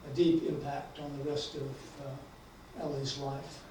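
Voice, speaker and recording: Brief: male author, mellow voice, halting with fillers, heard far off in a very echoey lecture hall with faint noise. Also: mid-range voice, little pitch movement. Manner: hesitant, many fillers. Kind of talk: book talk and reading.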